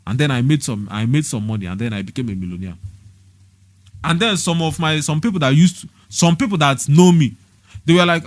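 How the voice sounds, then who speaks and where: A man's voice: mid-range voice, fast talker, dry recording. A young Nigerian man giving a preachy, scolding monologue, hammering the same points with rhetorical questions. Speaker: motivational vlogger.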